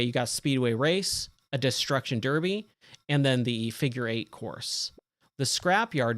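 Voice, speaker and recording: A man's voice: medium pitch, a bit bright, no room sound. A man in his forties chatting casually while streaming a racing game, rambling with many fillers, his voice a little worn. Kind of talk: casual live-stream commentary.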